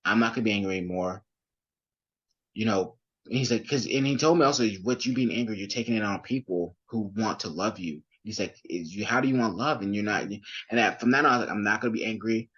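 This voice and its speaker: A man's voice: fairly low pitch, fast, a bit bright, husky, highs cut off. A young man as an interview guest, telling his story casually with many fillers and restarts. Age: young adult.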